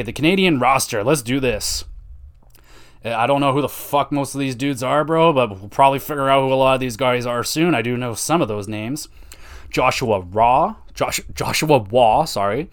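A young man hosting a casual solo podcast, swearing freely and rambling in excitable slang. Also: medium pitch. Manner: profane, rambling and excitable, with lots of slang filler. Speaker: podcast host.

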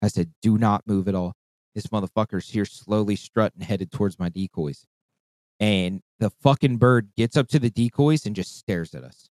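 A man's voice: fairly low pitch, normal speed, no room sound. A man casually telling a long hunting story, swearing a lot and acting out voices and calls. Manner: profane, animated, acts out voices and calls.

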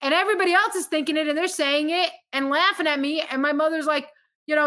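A woman from Montenegro talks in a casual podcast chat, emphatic and earnest as she tells stories. Her voice sits high and sounds bright and clear. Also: a little fast. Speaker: guest comedian.

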